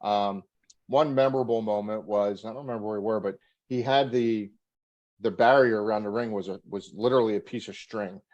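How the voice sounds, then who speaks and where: A man's voice: on the low side, steady tone, a little fast, a little mellow, muffled recording. A middle-aged man, a former wrestler, telling backstage stories in a casual interview, laughing and acting out quotes. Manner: laughing anecdotal storyteller, acts out quotes.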